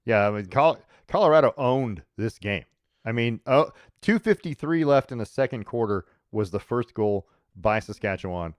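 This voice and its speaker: A man's voice: medium pitch, animated, normal speed, no room sound, clean studio sound. A man hosting a sports podcast, chatting casually and rambling with restarts and laughs.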